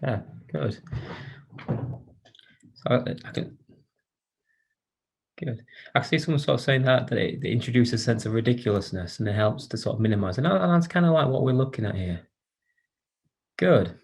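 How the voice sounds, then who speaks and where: A man guides an online workshop over a video call with a gentle, inviting manner. His voice has a gravelly, husky edge. He pauses and restarts often as he speaks, and his pitch sits in an ordinary middle range. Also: lively intonation. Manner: gentle, inviting, hesitant with many restarts and "sort of". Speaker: workshop presenter for carers.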